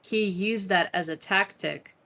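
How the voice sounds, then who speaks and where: A woman's voice: medium pitch, measured pace, a crowd in the background. A young woman, not a native English speaker, speaking as an interview guest, emotional and profane, with many fillers. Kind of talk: candid interview conversation.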